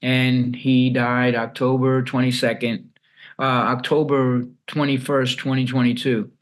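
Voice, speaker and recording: A man's voice: mid-range voice, flat delivery, unhurried. A man from New York telling a hard personal story as a podcast guest, blunt and full of swearing, restarting his sentences as he goes. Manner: blunt and profane, with frequent restarts. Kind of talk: candid storytelling in conversation.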